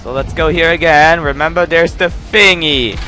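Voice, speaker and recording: A man's voice: fairly high pitch, normal speed, soft background music, low-quality recording. A young man commentating his own horror game playthrough, jumpy and swearing a lot, muttering to himself between scares. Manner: jumpy, swears a lot, yells when startled. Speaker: let's play gamer.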